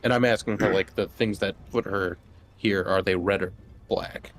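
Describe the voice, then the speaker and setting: A man's voice: low voice, fairly even intonation, normal speed, slight background noise. A man playing in a tabletop role-playing game, talking in a laid-back way. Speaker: player. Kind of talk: casual tabletop game play.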